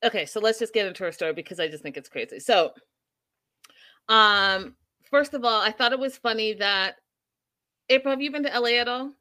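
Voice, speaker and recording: A woman co-hosting a podcast, chatting casually and telling lively stories with asides to the live chat. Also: on the high side, no echo. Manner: animated storytelling, quick asides to live chat. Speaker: podcast co-host.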